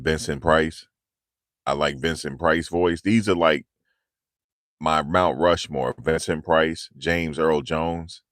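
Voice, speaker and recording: Deep-voiced New man chatting. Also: a bit bright, no room sound, studio quality. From tri-state area around New York. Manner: loose, joking, reads and answers chat. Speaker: livestream host. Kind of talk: casual livestream chat with viewers. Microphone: handheld lavalier mic.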